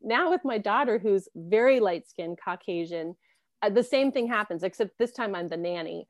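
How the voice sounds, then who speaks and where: A woman's voice: medium pitch, lively intonation, moderate pace, no echo. A woman from South America in her thirties or forties, telling personal stories as an interview guest, laughing often and acting out other people's lines. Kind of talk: casual personal storytelling.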